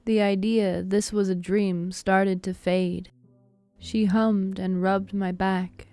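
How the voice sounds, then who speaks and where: A woman narrates a spooky story in a slow, deliberate reading with little rise and fall in her voice. Her tone is dark and mellow and stays steady from line to line. Soft music plays faintly underneath. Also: medium pitch, smooth, no echo. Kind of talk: scripted narration. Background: faint background music.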